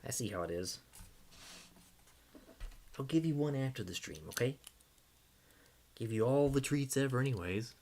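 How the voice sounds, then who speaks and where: A man's voice: mid-range voice, expressive, moderate pace, pauses often, a little mellow. A man casually chatting on a home livestream, playful and self-teasing, cooing at his dog. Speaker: livestream host.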